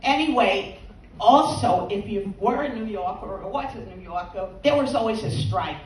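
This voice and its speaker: A woman's voice: medium pitch, expressive, normal speed, a little hiss or hum. A woman doing a bawdy stand-up routine, teasing the audience and laughing at her own jokes. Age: 80s. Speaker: stand-up comedian. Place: comedy stage before a live audience. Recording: roomy, distant stage sound.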